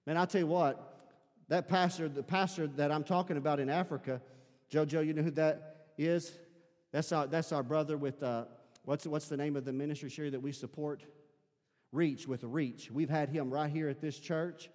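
Squeaky-voiced Arkansas pastor preaching. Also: male voice, fairly even intonation, moderate pace, in a large hall. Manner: swings from shouted preaching to quiet, intimate talk. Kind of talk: sermon. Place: church sanctuary.

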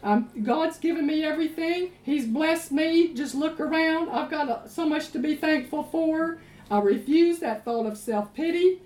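A woman's voice: high voice, unhurried, a little mellow. A woman voicing a king who talks himself out of self-pity in an earnest, plain way. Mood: resolved. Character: sulking adult male king, self-pitying. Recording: roomy echo.

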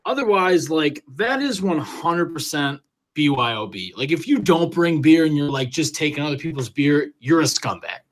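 A man in his twenties hosting a podcast, chatting casually and telling animated stories full of quoted voices. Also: fairly high pitch, normal speed. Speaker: podcast host.

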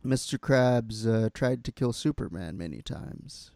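Laid-back male co-host, unhurried delivery, gravelly fry in the voice. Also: medium pitch, animated, warm tone. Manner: laid-back, drawn-out, laughs often. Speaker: podcast co-host. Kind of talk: casual chat.

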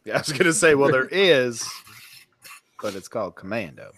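A man's voice: mid-range voice, lively intonation, normal speed, a crowd in the background. A man in casual podcast chat who laughs often and swears freely.

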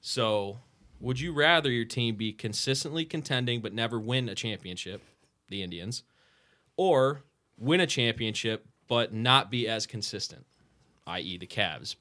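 A man's voice: medium pitch, measured pace, pushed and bright. A man co-hosting a casual podcast chat, laying out a sports debate in a talkative, explaining way. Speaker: podcast co-host.

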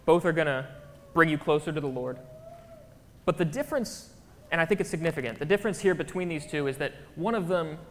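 A man's voice: on the high side, animated, a little fast, fairly bright tone. A man preaching a casual, conversational sermon in a church, often checking in with his listeners. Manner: chatty, keeps checking in with the crowd. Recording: long hall reverb.

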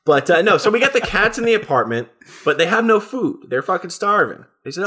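A man's voice: fairly high pitch, expressive, normal speed, fairly bright tone, slightly rough. A man in casual podcast chat, rambling and swearing, now and then slipping into silly put-on voices. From New Jersey area, US. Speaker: podcast co-host.

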